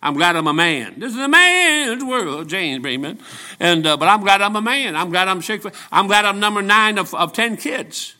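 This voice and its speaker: A seventy-year-old man preaching with a bright, forceful voice pitched a little high. He tells folksy stories and jokes, pressing his points with emphatic repetition. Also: normal speed. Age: 70s. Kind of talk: storytelling sermon.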